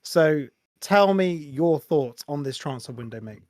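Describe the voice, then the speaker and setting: A man's voice: a little high, expressive, measured pace, darkish tone, dry recording, poor audio. An English man hosting a live fan call-in podcast, chatting in a rambling, self-interrupting way. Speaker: podcast host taking fan calls. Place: home setup, talking over a voice chat. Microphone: home microphone, sounded muffled at first.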